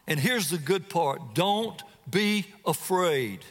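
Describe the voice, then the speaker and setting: A male guest preacher with a high, slightly bright, breathy voice preaches slowly and deliberately yet very animatedly. He dramatically retells a scripture story and asks the congregation direct questions, his voice ringing with long reverb from a large hall.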